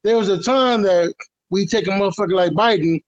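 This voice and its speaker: A man's voice: sits high, brisk, lo-fi sound. A man from Detroit and Houston, co-hosting a podcast in casual, profane, emphatic chat. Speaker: podcast co-host.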